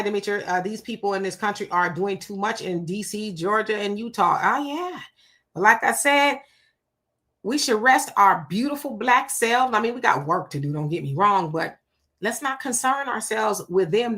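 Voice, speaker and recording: Woman host, crisp bright tone, casual live-chat reader. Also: medium pitch. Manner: greets commenters by name and reacts conversationally. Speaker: livestream host reading chat comments.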